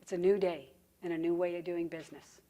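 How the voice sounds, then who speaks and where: A woman's voice: on the low side, fairly even intonation, quick pace, mellow. A woman giving a conference presentation in a direct, folksy storytelling manner.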